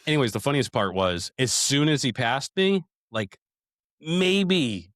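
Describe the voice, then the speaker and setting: A man's voice: medium pitch, very animated, a little slow, fairly bright tone, dry recording, clean studio sound. A man in his thirties co-hosting a casual podcast, talking in a profane, rambling way and calling everyone "dude". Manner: profane, rambling storyteller, calls listeners "dude". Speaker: podcast co-host.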